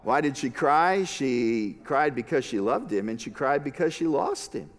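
A man preaching a sermon as a pastor, expressive, moving from hushed lines to emphatic ones. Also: mid-range voice, unhurried, in a large hall.

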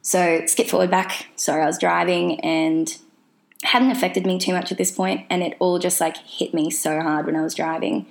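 A woman's voice: on the low side, level tone, moderate pace, gravelly. A young woman telling a personal story casually, rambling with lots of fillers and restarts. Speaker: vlogger sharing her mental health story.

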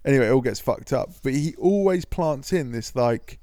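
A man's voice: mid-range voice, lively intonation, moderate pace, dark tone, dry recording, studio quality. A young man co-hosting a podcast, telling rambling anecdotes full of fillers and swearing and acting out what people said. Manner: rambling anecdotes with lots of fillers and swearing, acts out quoted voices. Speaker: podcast co-host. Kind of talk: casual storytelling chat.

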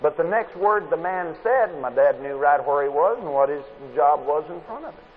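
A man's voice: on the high side, animated, moderate pace. A man preaching a sermon at a convention, a folksy, plain-spoken storyteller. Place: convention hall. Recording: tinny lo-fi tape with faint hiss.

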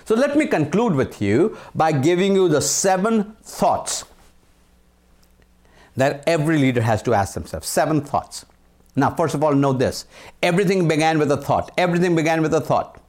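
An expressive, slightly mellow voice on the high side belongs to this leadership speaker, an Indian man in his sixties with an Indian accent. His motivational talk is emphatic, full of repeated key phrases, and slows down at the punch lines.

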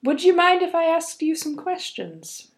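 A woman's voice: very high-pitched, sing-song, a little slow, pitched above the performer's own voice, heavily acted. A woman voicing Vasilisa, a polite, timid young girl in a read-aloud fairy tale.

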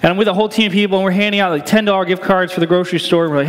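A pastor preaching an Easter sermon in a conversational, joking way, often checking in with "right?". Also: male voice, sits high, fairly even intonation, very fast. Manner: conversational, self-deprecating humor, asks "right?" often. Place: church sanctuary. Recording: reverberant church hall.

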